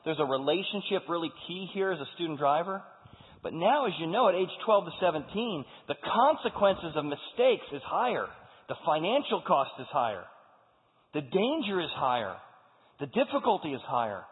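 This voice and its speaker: A man preaching a sermon to a congregation, talking in an animated way and acting out the voices of the people he quotes. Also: on the high side, moderate pace. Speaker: pastor. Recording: phone-like sound with long hall reverb.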